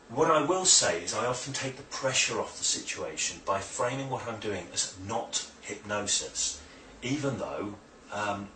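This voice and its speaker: A man's voice: lowish voice, pushed and bright, recorded from a distance, a little hiss or hum. A man giving a spoken video lesson, explaining and coaching with emphatic repetition. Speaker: hypnosis instructor. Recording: roomy sound, voice away from the mic.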